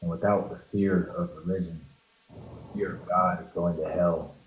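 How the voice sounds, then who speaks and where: A man's voice: sits low, steady tone, a little slow. A man being interviewed in a casual chat, giving short, laid-back answers with sighs and fillers. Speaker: interview guest. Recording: echoey room, faint background noise.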